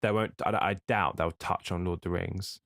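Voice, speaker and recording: Casting: man, lowish voice, rambling podcast co-host, dry close sound. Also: fairly even intonation, moderate pace, creaky, fairly bright tone, no room sound. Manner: rambling, yawning, swears freely. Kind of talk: casual chat.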